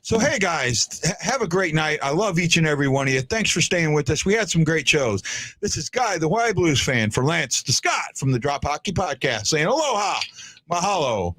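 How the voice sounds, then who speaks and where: A man's voice: a little high, sing-song, moderate pace, a bit bright. A man hosting a casual sports podcast, chatty, often stumbling and repeating words as he talks. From United States. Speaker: podcast host.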